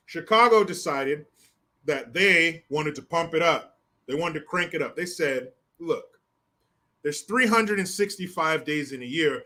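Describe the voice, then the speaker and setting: An older man hosting a solo commentary stream, talking in a profane, mocking and animated way. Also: on the high side, moderate pace. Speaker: political commentary host.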